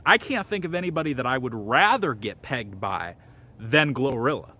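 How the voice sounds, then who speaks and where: A man hosting a comic video, rambling crudely with lots of fillers and deadpan bragging. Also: medium pitch, normal speed. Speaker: comedy video host.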